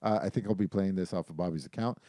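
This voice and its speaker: A man's voice: low-pitched, fast talker, dark tone, no echo, clean studio sound. A man co-hosting a casual gaming podcast, talking loosely with lots of fillers and swearing. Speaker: podcast co-host.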